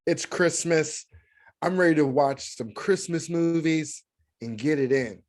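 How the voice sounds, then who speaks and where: A man's voice: a little high, unhurried. An American man co-hosting a podcast, chatting casually and acting out movie scenes with lots of laughter. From United States. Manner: animated, laughs a lot, acts out movie scenes. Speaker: podcast co-host. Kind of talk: casual chat.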